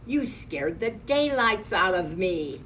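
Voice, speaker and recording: A tiny old mother from a children's book, shrill and stern, quick to scold her giant son, as a woman puts her on. She speaks slowly, a bit far from the mic with faint hum behind. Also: sing-song, a bit bright. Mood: startled.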